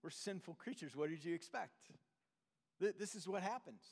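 Earnest preacher with hall reverb. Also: male voice, lively intonation, moderate pace, husky. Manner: earnest, repeats phrases, drops to soft low tones for emphasis. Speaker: pastor. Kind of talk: sermon. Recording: long reverb of a large hall.

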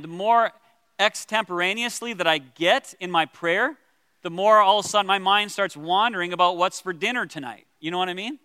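A man teaching as a pastor about prayer, earnest and gentle, with pauses and restarts. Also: high voice, clear, resonant tone, dry recording, big-room sound.

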